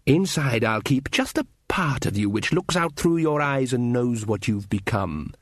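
A man's voice: expressive, unhurried, no room sound, studio quality. A man playing a cold, menacing elf queen. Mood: cold menace. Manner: low, cold and threatening. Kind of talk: audiobook character voice.

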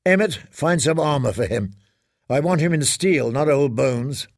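A man's voice: fairly high pitch, expressive, measured pace, no echo, clean studio sound. A man voicing a stern young commander who speaks in curt, hard orders in an audiobook.

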